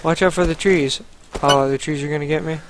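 A man's voice: fairly high pitch, fairly even intonation, brisk. A man playing a horror game and commenting, swearing a lot and trash-talking the monsters. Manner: profane, trash-talking, jittery. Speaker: let's play gamer. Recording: noisy home recording.

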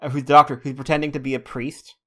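A man's voice: medium pitch, quick pace. Teasing male podcast co-host. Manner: teasing, mock-insulting, lively storyteller. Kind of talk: casual chat.

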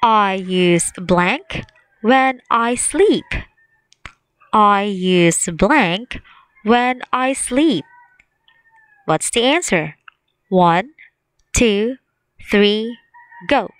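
A young woman teacher leading a phonics lesson for young children, slowly drawing out words for them to repeat. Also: mid-range voice, lively intonation, clean tone, dry recording, poor audio. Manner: slow drawn-out call-and-repeat drills.

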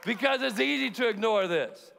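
A man with a high voice preaching a sermon in a large church. He talks emphatically and jokes along the way, slipping into the voices of the people he quotes. His words ring out with a long reverb through the hall. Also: expressive, moderate pace, creaky, fairly bright tone, a faint crowd. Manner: emphatic and jokey, acts out quotes. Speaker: pastor.

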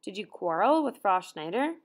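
A woman's voice: medium pitch, big pitch swings, normal speed. Puzzled, questioning mother in an audiobook as a female narrator voices her. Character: bewildered caring mother of a household. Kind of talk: audiobook dialogue reading.

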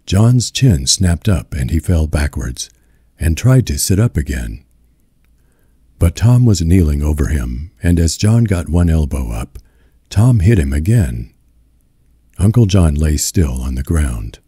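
A man narrates an audiobook in a slow, soothing manner close to the mic. His voice is extremely deep, dark and husky, with a lively rise and fall. The sound is dry with no room around it. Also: no room sound. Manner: slow, soothing ASMR delivery.

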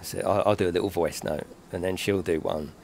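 A man's voice: sits low, steady tone, brisk, creaky, a little mellow, slight background noise. A British man live-streaming a game, chatting with his audience in a jokey, swearing, laughing way. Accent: British English. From England. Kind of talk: casual live-stream chat while playing.

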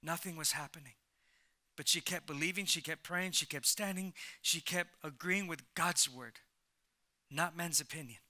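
A man preaching an energetic sermon to a church congregation, prompting the crowd to repeat lines and often restarting his words, swinging from soft asides to loud calls. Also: on the high side, normal speed. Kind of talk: energetic sermon with call and response. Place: church service before a congregation.

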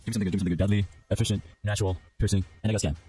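A man's voice: on the low side, steady tone, racing, mellow, a little hiss or hum. A man giving casual gameplay commentary, exasperated, repeating his complaints and calling everyone bro. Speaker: gaming YouTuber.

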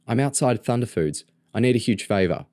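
A man's voice: medium pitch, animated, brisk, warm tone, dry recording, clean studio sound, pitched above the performer's own voice, natural voice. A man voicing a bossy, determined teenage girl agent who talks in urgent, clipped commands.

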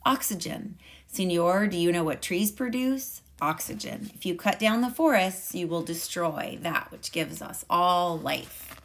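A woman's voice: fairly low pitch, lively intonation, measured pace, a little hiss or hum. A woman voicing a group of porcupines who whisper solemn questions in a storybook read-aloud.

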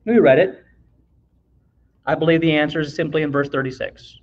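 A man's voice: on the high side, normal speed, darkish tone, highs cut off. A man teaching a church Bible class in a conversational way, reading scripture aloud and putting questions to the class.

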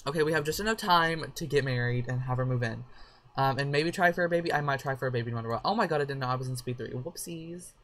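A woman chatting through a life-sim game with a sore throat and a headache, excitable and swearing freely at her characters. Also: very deep voice, fast talker. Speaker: let's play gamer. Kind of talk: casual gameplay commentary.

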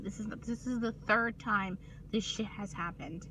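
A young woman talking casually to her phone camera in a vlog, animated and swearing freely, swinging from excitement to ranting. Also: on the high side, normal speed, slight background noise, rough recording. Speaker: vlogger. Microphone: handheld phone camera.

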